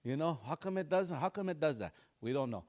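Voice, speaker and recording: A man's voice: on the high side, lively intonation, a little fast, a little mellow. A man teaching a language class, repeating words and explaining them with examples.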